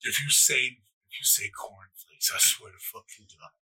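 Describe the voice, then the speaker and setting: A man's voice: medium pitch, normal speed, pushed and bright, husky, poor audio. A young man co-hosting a podcast in casual chat, joking, swearing freely and laughing often. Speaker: podcast co-host.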